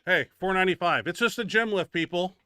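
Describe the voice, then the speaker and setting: A man's voice: high voice, fairly quick, sharp tone, clear, resonant tone, dry recording, studio quality. A man hosting a bench press show, giving casual, blunt, profane commentary over his training footage. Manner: blunt and profane, grumbling about his own setback.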